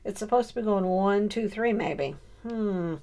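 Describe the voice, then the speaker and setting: Her mid-range voice is mellow and a touch slow. She's vlogging as she scrapbooks, keeping up a casual crafting chat and muttering under her breath while she works.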